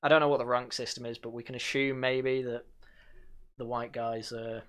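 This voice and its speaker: Sighing often and filling his speech with fillers, this man runs a casual, sarcastic review stream, mocking by quoting. He speaks at normal speed in a medium-pitched, level, slightly bright voice.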